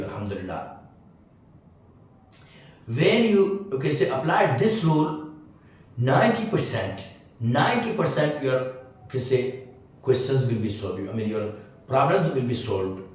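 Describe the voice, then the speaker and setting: A man teaching English grammar, hesitant with many fillers, often repeating phrases, spelling words out letter by letter and checking whether the class has understood. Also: mid-range voice. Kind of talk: spoken grammar lesson. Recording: very echoey room, distant mic.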